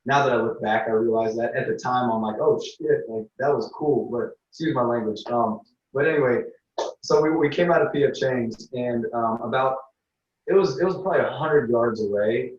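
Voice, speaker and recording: A man's voice: medium pitch, roomy sound, muffled recording. Man telling a story from far off. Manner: animated, halting storytelling that acts out others' lines. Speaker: interview guest. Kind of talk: casual storytelling.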